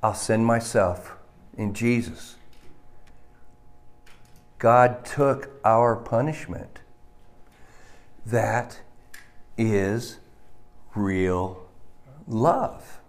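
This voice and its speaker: Slow, emphatic male preacher. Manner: emphatic, swings between loud stresses and hushed low lines. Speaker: pastor. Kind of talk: sermon.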